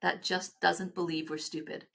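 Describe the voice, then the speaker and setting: Earnest middle-aged woman, low voice. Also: flat delivery, creaky, fairly bright tone. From Canada. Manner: earnest, halting, with many restarts. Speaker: guest, nonprofit executive. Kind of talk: podcast interview storytelling.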